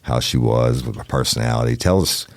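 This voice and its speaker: Very deep, gravelly-voiced man hosting a podcast. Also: brisk, dry recording, studio quality. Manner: blunt, folksy, swears casually. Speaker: podcast host. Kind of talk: true crime podcast interview. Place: studio.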